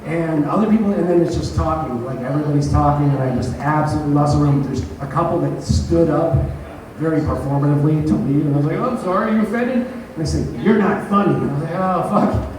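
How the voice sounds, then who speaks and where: A man's voice: a little high, steady tone, fast talker, darkish tone, slight background noise. A stand-up comedian, a man, casually retelling a story from his own show, profane and self-mocking. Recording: echoey room, voice from a distance.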